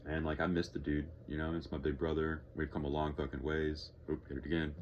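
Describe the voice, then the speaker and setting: Deep-voiced man rambling in a vlog. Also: level tone, brisk, highs cut off, slight background noise. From Texas. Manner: rambling, swears freely, sighs often. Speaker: vlogger. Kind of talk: casual vlog chat.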